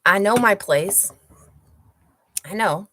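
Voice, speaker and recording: Hushed, slow-talking drag performer, a woman. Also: expressive. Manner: rambling, profane, hushed low talk. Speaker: drag performer hosting own show. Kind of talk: casual vlog chat.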